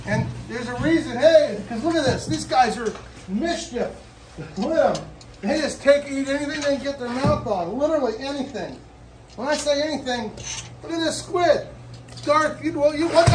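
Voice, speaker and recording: A man who keeps a reptile zoo, excitedly narrating and coaxing animals as he feeds them after hours, often crying out "whoa". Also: very high voice, distant mic, noisy background. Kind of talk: casual vlog narration while feeding animals.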